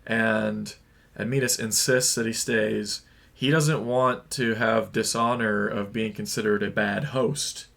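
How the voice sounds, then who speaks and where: A man's voice: fairly low pitch, steady tone, slow pace, gravelly, fairly bright tone. A young adult man casually retelling and reviewing a play, chatty, informal and opinionated. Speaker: book reviewer.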